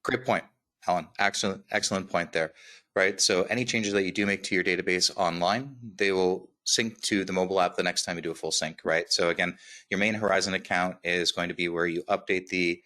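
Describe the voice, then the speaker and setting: Here a male presenter lisps slightly as he walks through a software product in a webinar, his delivery low and flat yet the session energetic. The pace is quick and upbeat, punctuated by filler "right?" checks.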